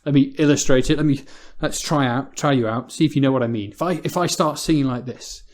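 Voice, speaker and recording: A man's voice: mid-range voice, a little fast. An English man preaching a sermon in a church, talking in a conversational way and often repeating words as he goes.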